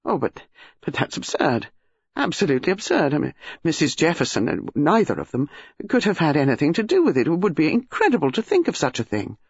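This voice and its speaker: Charming young tennis pro, offhand, lively and husky, read by a man. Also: on the high side, fairly quick, dry recording, lo-fi sound, exaggerated voice. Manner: careless, offhand.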